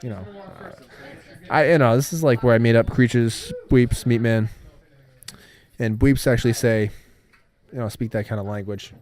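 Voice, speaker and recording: A man's voice: mid-range voice, normal speed, pauses often, a little mellow. A young man rambling through his made-up stories in a casual livestream chat, hesitant and full of fillers and restarts.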